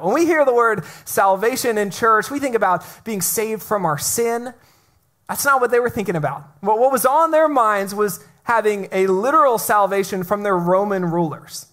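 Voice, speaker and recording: A man's voice: sits high, fairly bright tone. A male pastor preaching a sermon in a conversational way, with playful asides and frequent restarts. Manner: often repeats the first word of a phrase.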